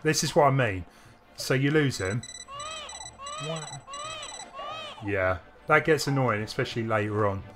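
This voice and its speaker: A man's voice: medium pitch, expressive, measured pace, long pauses, music in the background. A man co-hosting a game stream, chatting casually and rambling with restarts while he plays. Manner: rambling, with frequent restarts and laughs. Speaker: streamer co-host. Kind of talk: casual chat while playing games.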